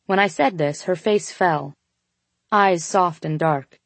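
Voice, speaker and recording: Husky woman narrating an audiobook. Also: fairly low pitch, slow pace, no room sound. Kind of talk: first-person scripted narration.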